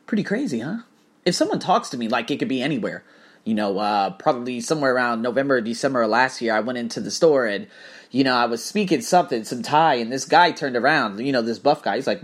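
A man's voice: medium pitch, brisk, slightly rough. A man hosting a podcast, talking in a casual, profane, preachy way as he tells stories and gives advice. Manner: animated, profane, preachy storytelling. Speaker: podcast host. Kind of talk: casual motivational podcast monologue.

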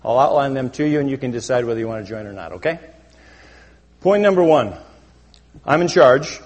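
A man's voice: mid-range voice, brisk, highs cut off. Mock-pompous male pastor in a reverberant sanctuary. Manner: mock-pompous, deadpan self-important. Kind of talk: satirical sermon. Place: church sanctuary. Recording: long hall reverb.

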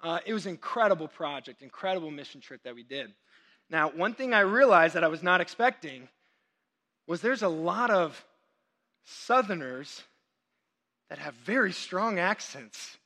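Bright-voiced young male pastor, animated. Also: sits high. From Texas. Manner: animated storytelling with quick asides. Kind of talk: sermon.

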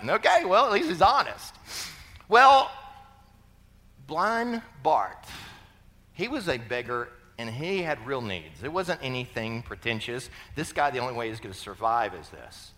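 A man preaching a sermon as pastor, animated and conversational, bursting into shouts when he quotes the cries he is telling about. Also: a little high, unhurried. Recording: long reverb of a large hall.

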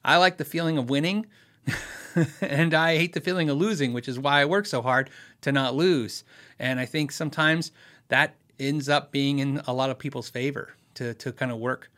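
A man hosting a casual live question-and-answer chat about guitars, rambling easily with fillers, restarts and quick laughs. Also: medium pitch, fairly even intonation, fairly bright tone. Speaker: livestream host answering viewer questions on guitars.

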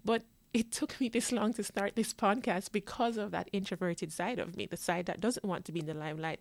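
A woman's voice: lowish voice, no echo. A young woman born in New York and raised in Jamaica, hosting a casual solo podcast and chatting animatedly about herself. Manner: chatty and animated, acting out others' lines with laughs. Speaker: podcast host.

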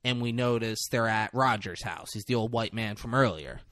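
Here a man with a lowish voice and moderate pace recaps a movie as a podcast co-host, keeping the talk casual. Animated throughout, he acts out characters' voices and swears freely while retelling scenes. There's no echo, just clean studio audio.

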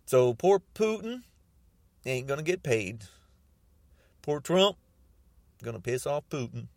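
Animated ranting man, mocking and repetitive. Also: mid-range voice, creaky, no room sound, clean studio sound. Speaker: podcaster. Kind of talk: political rant monologue.

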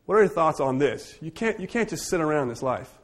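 A man who is a teacher, leading a church group discussion and telling stories in an animated, joking way. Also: on the high side. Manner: animated, jokey storyteller with quick asides. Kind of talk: casual group discussion with storytelling.

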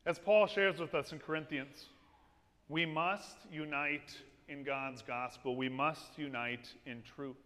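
Guy preaching a sermon, high bright voice, big churchy echo, keeps asking amen. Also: measured pace. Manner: lively storytelling with call-and-response "amen?". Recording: long reverb of a church hall.

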